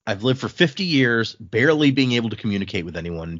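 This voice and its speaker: A man's voice: mid-range voice, sing-song, quick pace, hardly any pauses, fairly bright tone, muffled recording. A man hosting a book podcast, retelling scenes in casual chat and acting out the dialogue in shifting voices. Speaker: podcast host recapping a book.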